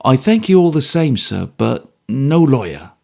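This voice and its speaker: A man's voice: medium pitch, big pitch swings, a little slow, gravelly, a little mellow. A man reading an audiobook and voicing a bluff, good-humoured former soldier who speaks steadily, politely and stubbornly. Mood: firm, polite.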